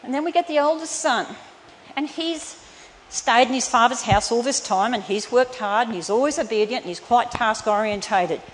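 A woman's voice: fairly high pitch, normal speed. Earnest woman preaching in a hall. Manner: earnest, emphatic, softening to tender. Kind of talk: sermon. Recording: reverberant hall, faint room noise.

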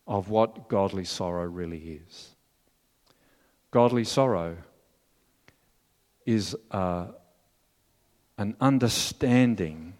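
A male pastor preaching a sermon in an earnest, measured, storytelling manner. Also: on the low side, a little mellow. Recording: long hall reverb.

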